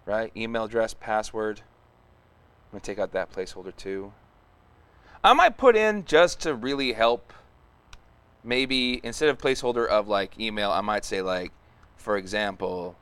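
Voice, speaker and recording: Guy coding on a livestream, kinda low voice, mumbles and hums to himself as he types. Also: expressive, moderate pace, fairly bright tone. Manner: thinking aloud, muttering and humming while typing. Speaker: live stream host coding. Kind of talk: casual live coding commentary.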